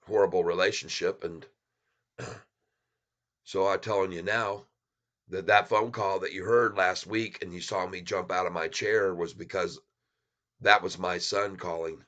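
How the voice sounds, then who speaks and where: A man's voice: low-pitched, a bit bright, muffled recording. A man hosting his own channel, talking to viewers in a folksy, rambling, heartfelt way from his home. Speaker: channel host. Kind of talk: casual chat to viewers. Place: home in Michigan.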